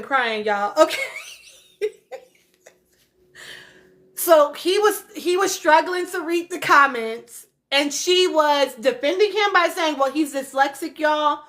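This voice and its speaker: A woman's voice: high-pitched, fairly bright tone. A woman hosting a casual livestream, laughing often and talking straight to her viewers. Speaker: livestream host. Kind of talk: casual live-stream chat reacting to comments.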